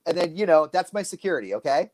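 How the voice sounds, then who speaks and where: Man in his forties, live-stream co-host, lively swooping delivery. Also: quick pace, no echo. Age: 40s. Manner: animated storytelling, lively pitch. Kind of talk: casual live-stream chat.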